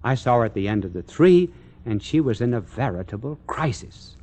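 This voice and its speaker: A man giving recorded Catholic religious instruction in a dramatic, declamatory way, with long pauses between phrases. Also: mid-range voice, sing-song, a little mellow.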